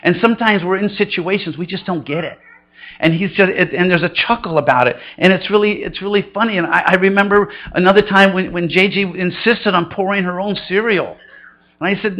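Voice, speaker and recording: A man's voice: brisk, dull audio. A middle-aged man preaching a conversational sermon, telling funny stories and acting out quoted voices. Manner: storytelling, conversational and humorous; acts out quoted voices with big pitch jumps. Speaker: pastor.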